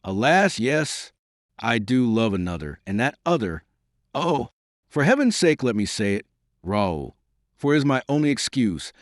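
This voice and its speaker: A man's voice: medium pitch, dry recording, studio quality, voice pushed up, close to an everyday voice. A man voicing a desperate, devoted young woman, pleading through tears in an audiobook reading. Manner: pleading, emotional.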